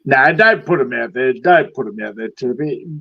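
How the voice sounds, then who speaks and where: A man's voice: mid-range voice, lively intonation, moderate pace, creaky, dull audio. A man who is a guest on a livestream, throwing crude, mocking insults in casual banter.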